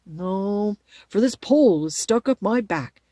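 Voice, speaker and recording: A woman voicing a friendly straw-stuffed scarecrow man with a husky, eager voice. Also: mid-range voice, expressive, unhurried, warm tone, no echo. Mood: polite.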